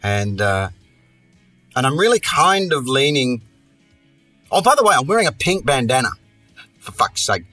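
Man, podcast host, bright edgy tone, swears freely, rambling sarcastic storyteller, faint music underneath. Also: mid-range voice, very animated, moderate pace, long pauses, no echo. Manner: profane, sardonic, rambling asides. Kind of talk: casual storytelling monologue.

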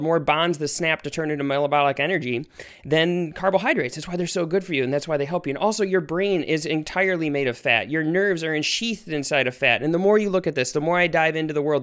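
An American man hosts his own science podcast, tumbling from one idea to the next with eager energy. His voice is clear and smooth and sits slightly high, and the words pour out fast. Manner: energetic, rambling, excitable. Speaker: podcast host. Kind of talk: enthusiastic casual science podcast.

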